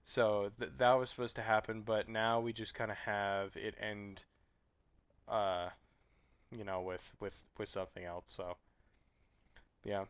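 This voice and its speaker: A man's voice: fairly low pitch, little pitch movement, measured pace, pauses often, clean tone, dry recording. A sleep-deprived man streaming late at night, chatting casually and rambling with stammered restarts. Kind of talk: casual live stream chat. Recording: dull lo-fi mic.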